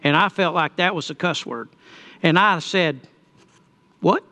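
A middle-aged pastor preaching with a high, bright voice. He talks in a folksy, storytelling way, then presses his points home with emphasis. His tone stays clear and lively in the upper register. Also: normal speed. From Texas. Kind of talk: sermon storytelling.

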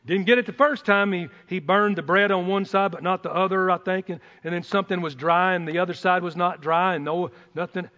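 A man preaching a sermon in a folksy, excitable way, breaking into whoops and joking asides. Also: sits high, a little fast, few pauses. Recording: dull sound in a reverberant hall.

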